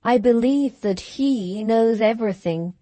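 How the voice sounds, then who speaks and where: A woman voicing an aggrieved gentlewoman in a period audiobook, complaining in a plaintive tone. She speaks slowly in a somewhat high voice. The sound is dry and close. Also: no echo, natural voice. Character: aggrieved, self-pitying aristocratic wife, middle-aged woman.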